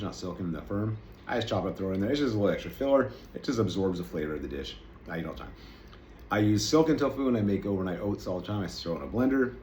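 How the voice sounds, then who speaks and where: A low, slightly mellow male voice belongs to an American vlogger who rambles cheerfully at his camera while tasting snacks, making fun of himself along the way. The room is echoey, with a faint hum of noise.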